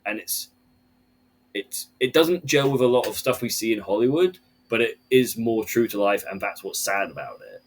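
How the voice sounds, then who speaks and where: A man with a fairly low voice chats on a podcast in an animated, swear-heavy rant. He keeps his talk loose and casual, full of fillers, and drives each point hard. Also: moderate pace, slight background noise. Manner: animated, profane ranting.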